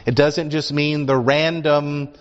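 A man's voice: on the high side, little pitch movement, takes it slowly. A man teaching a Bible class, explaining emphatically and asking rhetorical questions. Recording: dull recording with hall reverb.

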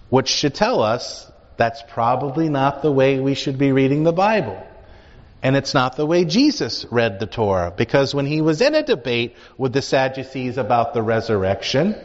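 A man teaching a Bible class, explaining emphatically and asking rhetorical questions. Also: fairly high pitch. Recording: dull recording with hall reverb.

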